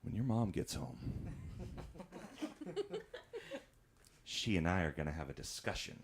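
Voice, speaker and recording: Guy doing standup, kinda low voice, bouncy and animated, chatty, laughs at his own bits. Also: slow pace, slight background noise. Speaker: stand-up comedian. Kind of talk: stand-up comedy.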